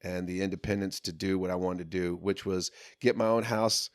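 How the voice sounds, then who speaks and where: Deep-voiced man telling a rough story. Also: brisk, no room sound, studio quality. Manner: profane, animated storytelling, shouts when reliving moments. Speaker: podcast guest. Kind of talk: casual storytelling.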